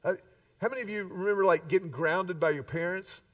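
A man preaching a sermon, an animated storyteller who acts out the voices of the people in his stories. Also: sits high, a little fast, dry recording. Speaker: pastor. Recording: distant dull live recording.

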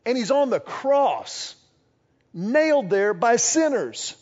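A man preaching a sermon, lively and conversational, acting out short quoted exchanges as he goes. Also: very high-pitched, slow, lo-fi sound. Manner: animated, acts out little quoted exchanges. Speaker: pastor.

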